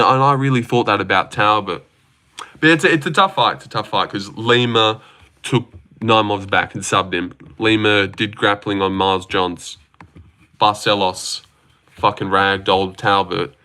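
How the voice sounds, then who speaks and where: A man chatting loosely on a livestream, his voice set low yet bright and forward. He rambles, swears freely and answers viewers' comments in a loose, offhand way. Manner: rambling, profane, reads out and answers chat. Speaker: livestream host reacting to fights. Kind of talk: casual livestream chat.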